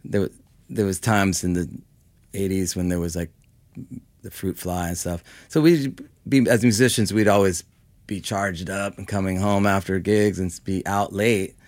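Low-voiced rambling man in his fifties. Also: steady tone, unhurried, a little mellow, no echo. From Los Angeles, California. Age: 50s. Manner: rambling, full of "like" and "you know". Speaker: musician guest. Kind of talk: casual interview talk.

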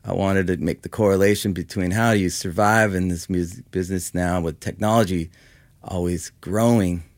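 A man's voice: low-pitched, fairly even intonation, normal speed, no echo. A man in his fifties from Los Angeles, a musician talking casually in an interview, rambling with lots of "like" and "you know.". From Los Angeles, California. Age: 50s. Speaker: musician guest.

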